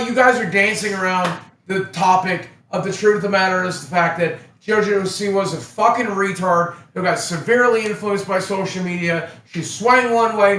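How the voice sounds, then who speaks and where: Man, high pitch, crude and dismissive, heard distant in an echoey room. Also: a bit bright. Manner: blunt, profane, dismissive. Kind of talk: crude rant. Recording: roomy, from away from the mic.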